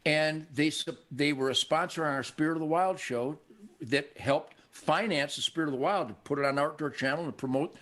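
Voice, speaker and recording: An older man from Michigan hosting a show, telling stories in a cocky, animated way and acting out the voices of people he quotes. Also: on the high side. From Michigan, USA. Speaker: show host. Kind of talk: casual storytelling conversation.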